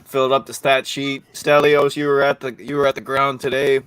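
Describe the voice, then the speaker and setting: A man's voice: medium pitch, little pitch movement, brisk, a bit bright, clear, resonant tone. A man hosting a call-in fan show, running the picks in a joking, bossy way. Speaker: host.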